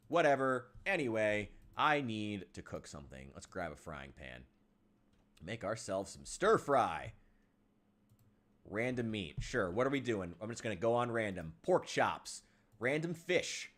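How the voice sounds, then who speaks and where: Streamer, male, from Illinois: swings his pitch a lot, vents and swears freely over gameplay. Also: fairly bright tone. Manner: frustrated ranting, swears often, sighs. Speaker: game streamer. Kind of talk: casual live-stream chat while gaming.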